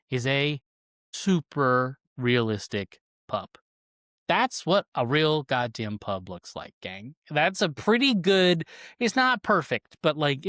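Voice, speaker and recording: A man's voice: mid-range voice, fairly bright tone, no echo, studio quality. A man co-hosting a podcast, telling loose stories from archives work with casual swearing and laughter.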